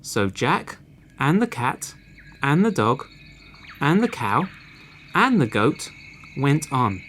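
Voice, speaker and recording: A man reading a fairy tale aloud for children in a clear, expressive way. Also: mid-range voice, slow, a little hiss or hum. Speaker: storyteller.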